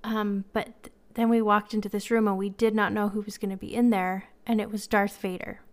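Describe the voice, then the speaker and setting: A woman's voice: medium pitch, little pitch movement, fairly quick. A woman and mother hosting a podcast, telling stories in a chatty way and laughing often. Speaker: podcast host. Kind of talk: casual storytelling.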